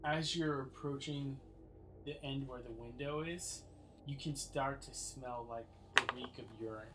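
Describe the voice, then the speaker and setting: A man's voice: mid-range voice, measured pace, rough recording. Man running a tabletop game over music. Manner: loose, filler-heavy narration with frequent "like". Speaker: game master.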